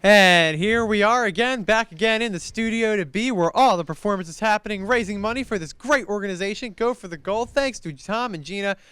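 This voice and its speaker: A man hosts a live telethon from a studio, upbeat and promotional. His voice sits high and rings crisp. The sound is dry and close. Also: a little fast, few pauses, a bit bright, no echo. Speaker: telethon host. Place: college TV studio.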